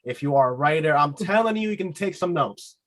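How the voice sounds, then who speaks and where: A man hosting a casual podcast interview, enthusiastic and quick to laugh, often repeating himself. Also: on the high side, animated, fairly bright tone. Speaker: podcast host.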